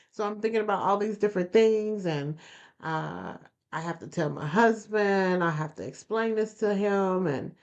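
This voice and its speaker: A woman hosting a podcast, talking earnestly to listeners and repeating phrases for emphasis. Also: medium pitch. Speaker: podcast host. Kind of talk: motivational podcast talk. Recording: dull lo-fi recording.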